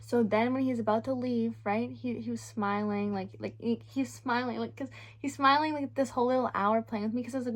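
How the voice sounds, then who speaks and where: A young woman vlogger telling a storytime rant in a blunt, profane, animated way. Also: on the high side, fairly quick.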